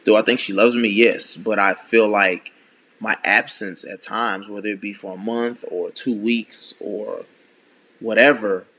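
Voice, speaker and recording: A man in his thirties telling a candid personal story in an earnest, halting way, often restarting his sentences. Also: on the low side, steady tone, fairly bright tone. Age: 30s. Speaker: speaker sharing a personal testimony.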